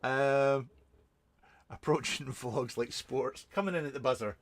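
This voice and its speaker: A man's voice: mid-range voice, normal speed, dry recording. A man, a reviewer hosting a casual live stream, answering viewers in a rambling, chatty way with many ums and restarts.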